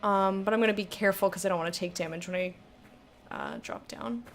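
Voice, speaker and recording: A young woman streaming a game and chatting casually with her viewers, blunt and quick to swear, laughing often and reading their messages aloud. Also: mid-range voice, slight background noise. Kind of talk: casual live-stream chat while gaming.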